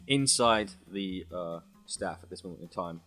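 A man, a player in a tabletop game, describing his character in a relaxed, hesitant way. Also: sits low, normal speed, soft background music. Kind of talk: casual tabletop play.

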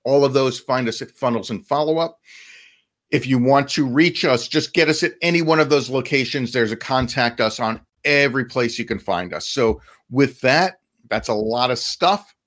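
A man's voice: medium pitch, normal speed, fairly bright tone. Casual man podcast cohost. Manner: casual, repeats and restarts phrases while explaining. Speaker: podcast co-host. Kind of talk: podcast chat giving business advice.

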